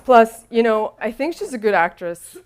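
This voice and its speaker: A woman's voice: fairly high pitch, animated, moderate pace, darkish tone, lightly acted. A woman voicing a chatty, nervous young American college guy who talks with casual frat-boy intonation.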